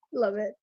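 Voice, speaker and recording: A woman hosting a casual tarot live stream, chatting in an excitable, gushing, playful way. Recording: dull lo-fi stream audio.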